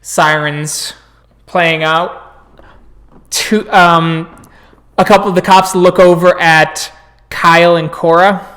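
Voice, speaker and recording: A man's voice: a little high, fairly even intonation, slow, pauses often, a bit bright. Male storyteller narrating graphic action. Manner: vivid, graphic descriptions with sound effects. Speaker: game master. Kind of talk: narrating a tabletop game.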